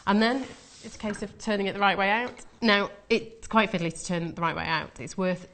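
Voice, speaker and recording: A woman toy designer, a guest in a TV studio, calmly explaining practical sewing steps. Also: mid-range voice, fairly quick, a little hiss or hum. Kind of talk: craft demonstration.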